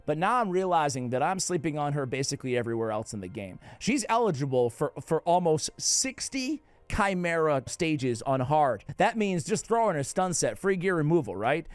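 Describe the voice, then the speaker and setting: A man with a New England accent giving casual gaming commentary, playful and jokey with sudden excited outbursts. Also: on the high side, moderate pace, hardly any pauses, smooth, no echo. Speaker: game guide creator.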